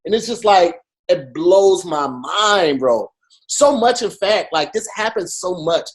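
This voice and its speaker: A man co-hosting a podcast in casual chat, emphatic and animated, with many restarts as he talks. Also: high-pitched, a little slow. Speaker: podcast co-host.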